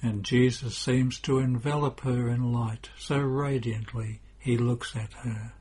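Slow, husky male narrator. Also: mid-range voice, fairly even intonation, darkish tone. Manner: slow, measured reading. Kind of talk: scripted narration of a devotional story.

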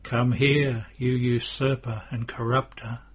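A man voicing a calm male teacher who teases in a mock-stern way. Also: medium pitch, slow, husky. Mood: calm, teasing.

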